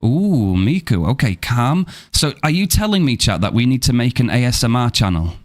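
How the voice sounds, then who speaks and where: A man's voice: medium pitch, big pitch swings, moderate pace. A man chatting casually with his viewers on a live game stream, upbeat and thankful as he answers the chat.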